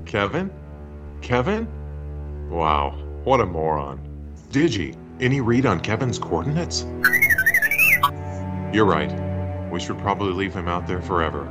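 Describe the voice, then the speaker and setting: A man's voice: sits low, expressive, moderate pace, pauses often, lo-fi sound, over loud music. A man co-hosting a podcast, moving between a comedy skit and a guest interview with dry, pedantic asides. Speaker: podcast co-host.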